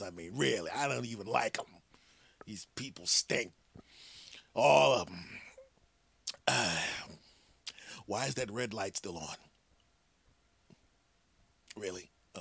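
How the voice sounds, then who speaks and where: A man's voice: medium pitch, fairly bright tone, slightly rough, no echo. A middle-aged man hosting a comedy podcast, ranting in a mock-arrogant, profane, sarcastic way. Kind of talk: comedic rant sketch.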